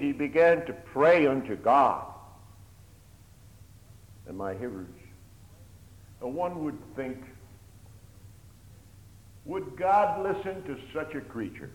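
A man preaches a sermon in a long-echoing hall, his voice rising and falling with lively swings of pitch. He moves from loud, pleading passages to hushed, almost whispered ones. His pulpit phrasing is old-fashioned and earnest, and he keeps addressing the congregation as "my hearers". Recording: echoey hall, long reverb.

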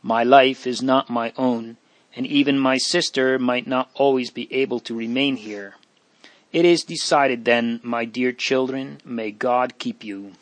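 A kindly minister who speaks softly and in measured phrases, voiced by a man reading aloud. The voice sits mid-range for a man. It is recorded dry and close. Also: medium pitch, steady tone, no room sound, lightly acted. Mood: gentle. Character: kindly older male minister, gentle and sad.

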